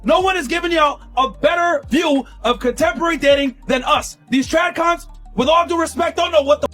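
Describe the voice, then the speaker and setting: A man with a very high, bright voice rants at full volume like a podcast host laying down the law. His delivery is fired-up and preachy, with faint music underneath. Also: brisk. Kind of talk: ranting podcast talk.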